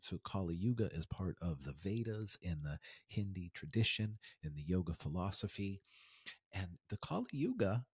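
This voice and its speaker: A man hosting an inspirational podcast in a casual monologue, swinging from loud emphasis to near whispers. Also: low voice, slightly rough, no echo, studio quality. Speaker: podcast host.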